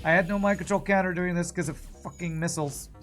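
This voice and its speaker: A man's voice: high-pitched, steady tone, fast, over loud music. A man streaming a video game, chatting casually while he plays, swearing and laughing as he goes. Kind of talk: live gameplay commentary.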